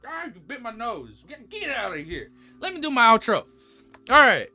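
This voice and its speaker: A man's voice: very high voice, big pitch swings, moderate pace, pushed and bright, faint music behind. A young man streamer rambling casually through his outro from the floor at home, often breaking into playful baby talk with his dog. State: low energy.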